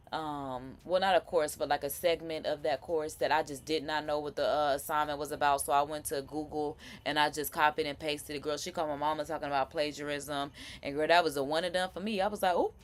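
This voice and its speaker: Chatty rambling woman host, lowish voice. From Florida. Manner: chatty, rambling, laughing asides. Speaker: live chat host. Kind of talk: casual commentary.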